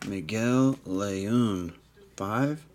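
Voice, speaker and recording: A man's voice: on the low side, darkish tone. A man hosting a live trading card break, reading out players and numbers with dry asides. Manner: unhurried, reads off card numbers with dry jokes.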